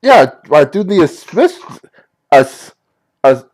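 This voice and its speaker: Slow-talking guy in an rpg, voice leaps all over, stops and restarts. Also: fairly high pitch. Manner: halting, restarts a lot, swoops up when excited. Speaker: player as ship captain. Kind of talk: in-character tabletop play.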